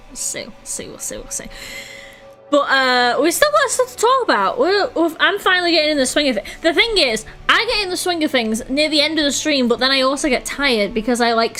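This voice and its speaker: British woman, high voice, casual streamer banter, teasing and giggly, swears a lot, faint music under her. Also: bright, forceful tone. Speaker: streamer hosting a drawing stream. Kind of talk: casual live-stream chat.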